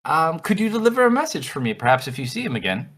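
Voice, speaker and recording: A game master voicing a secretive, smooth-talking male envoy of a royal family in soft, hesitant, coaxing speech. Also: medium pitch, very animated, fast talker, voice pushed up. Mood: earnest. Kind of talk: in-character tabletop role-play.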